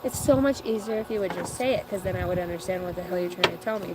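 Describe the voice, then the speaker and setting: A woman's voice: fairly low pitch, fairly even intonation, quick pace, over music, poor audio. A woman doing a live-stream oracle card reading, chatting playfully and joking with her viewers.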